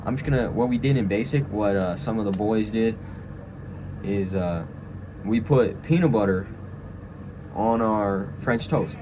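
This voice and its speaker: A man's voice: fairly low pitch, measured pace, long pauses, background noise. A young man telling a story casually and walking through a tutorial, rambling with lots of fillers and tag questions. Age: young adult. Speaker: vlogger. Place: room at a training school.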